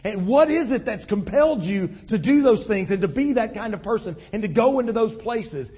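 Male pastor, high husky voice, chatty preaching style full of restarts, long hall echo. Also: expressive, normal speed, hardly any pauses, mellow. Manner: conversational, many restarts and "you know". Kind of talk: sermon.

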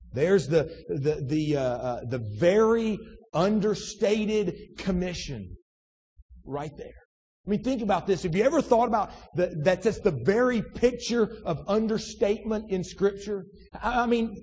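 A male pastor preaching to a congregation, reading scripture and then riffing on it in a chatty, restart-filled way. His voice is high and husky and swings widely in pitch. The sound carries a long echo from a large room. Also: darkish tone. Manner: conversational preaching, many restarts and asides. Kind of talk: sermon. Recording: distant in a reverberant hall.

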